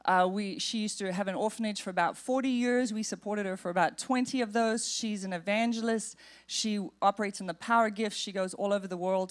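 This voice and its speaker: A woman pastor preaching in a church, telling a personal story in an animated, humorous way. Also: medium pitch. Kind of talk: storytelling sermon. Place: church sanctuary.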